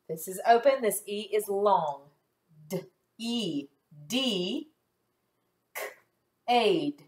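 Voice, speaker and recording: Woman teacher, phonics lesson, slow and deliberate, echoey room. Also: mid-range voice. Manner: slow, careful sounding out of syllables.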